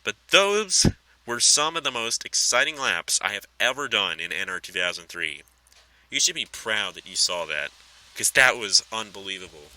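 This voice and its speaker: Bright, excitable male race commentator. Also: moderate pace, rough recording. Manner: excitable, pitch shooting up at close racing; chatty, explains replays. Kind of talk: sim racing play-by-play commentary.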